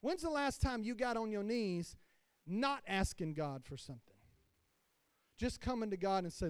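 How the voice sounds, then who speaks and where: A man's voice: high-pitched, expressive, moderate pace, smooth, no room sound. A male pastor preaching a sermon with passion, calling out questions to the congregation. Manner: impassioned preaching with call-and-response.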